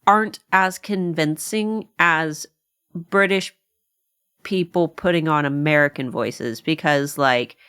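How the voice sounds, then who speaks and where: A woman's voice: deep voice, takes it slowly, clean tone. Rambling woman podcast host. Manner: rambling, animated, many fillers and laughs. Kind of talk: casual chat.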